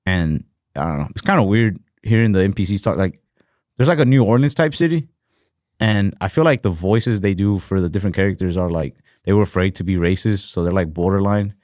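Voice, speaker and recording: A man's voice: deep voice, animated, fairly quick, darkish tone, no room sound, clean studio sound. A man co-hosting a podcast, talking in a rambling casual way with lots of fillers and swearing. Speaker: podcast co-host.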